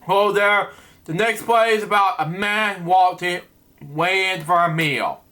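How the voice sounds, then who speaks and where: Rambling high-voiced man reading a storybook. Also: measured pace, sharp tone. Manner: rambling asides, repeated "anyway". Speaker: host reading a children's book. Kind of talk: casual storybook reading with commentary.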